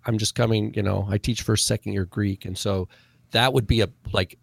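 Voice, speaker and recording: A man's voice: fairly low pitch, steady tone, moderate pace, gravelly, no echo. A man who teaches Greek, joining a casual discussion in a careful, corrective way.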